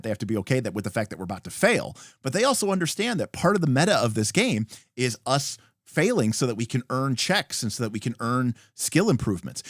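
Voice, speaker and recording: A man's voice: medium pitch, no echo, studio quality. A man hosting a livestream, casually explaining tabletop game rules and acting out examples, with many fillers. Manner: animated, acts out example dialogue, many fillers.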